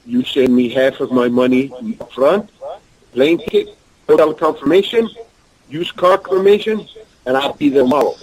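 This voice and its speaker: Over a low-quality phone line, a man with a Russian accent and a medium-pitched voice tells rambling stories as an interview guest, speaking at a normal pace in broken English. He drifts through anecdotes and puts on animated voices when quoting people.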